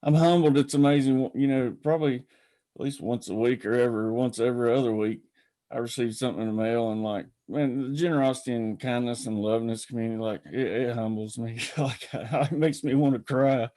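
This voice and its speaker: A man's voice: medium pitch, steady tone, brisk, dark tone. A man hosting a casual livestream, rambling and greeting viewers by name. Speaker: livestream host.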